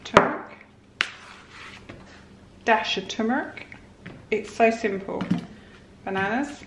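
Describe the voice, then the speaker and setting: A woman's voice: medium pitch, expressive, measured pace. A woman chatting casually in her home kitchen, filming a homely, rambling vlog. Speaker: vlogger. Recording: echoey kitchen, clear background noise.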